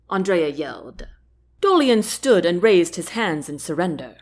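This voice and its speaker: A woman narrating a fantasy novel chapter as an audiobook host, in a gentle, unhurried reading. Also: lowish voice, very animated. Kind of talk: storybook narration.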